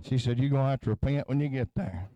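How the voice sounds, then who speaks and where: At a tent revival, a man preaches fast into a handheld microphone, punctuating phrases with a chanted "huh?" as his intensity builds. His voice is medium-pitched, with no room sound and the highs cut off.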